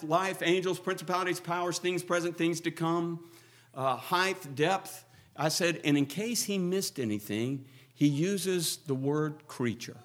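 Male preacher, fairly high voice, fervent sermon delivery that swings from hushed to loud.

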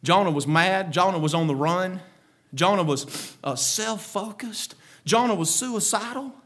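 A man preaching a sermon in a high, bright, forceful voice. He is fervent, climbing into shouted praise one moment and settling into quiet, chuckling asides the next. His delivery sounds like a pulpit preacher working his congregation. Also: unhurried.

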